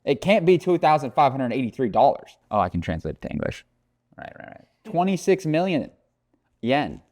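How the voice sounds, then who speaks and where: A man's voice: medium pitch, very animated, moderate pace, a little mellow. A man vlogging casually, joking around, swearing often and rambling. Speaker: car vlogger. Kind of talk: casual vlog talk.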